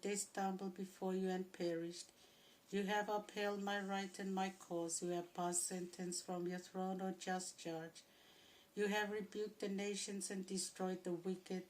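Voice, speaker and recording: A woman reading Bible passages aloud in a steady, even manner. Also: fairly low pitch, low-quality recording. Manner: steady, even reading with occasional throat clearing. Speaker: scripture reader.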